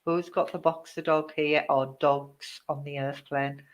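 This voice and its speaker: A woman's voice: deep voice, flat delivery, measured pace, muffled recording. A woman working as a psychic medium, giving a chatty live online reading. She addresses viewers by name and keeps checking in with "okay?".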